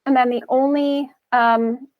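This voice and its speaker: A woman's voice: high voice, fairly even intonation, unhurried, no echo, highs cut off. A woman guest on a podcast, speaking casually in a thoughtful, earnest way. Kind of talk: casual chat.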